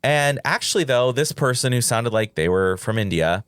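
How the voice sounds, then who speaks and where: A man's voice: mid-range voice, animated, normal speed, a bit bright, clean tone, no echo, studio quality. A man co-hosting a podcast, ranting in exasperated casual chat, swearing freely and acting out the people he quotes. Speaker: podcast co-host.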